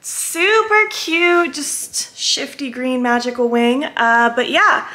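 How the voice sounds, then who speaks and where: Giddy, bright-voiced woman vlogger. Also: on the high side, slow, a little hiss or hum. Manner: giddy, excitable, squealing and laughing often. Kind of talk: casual vlog chat. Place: at home, indoors.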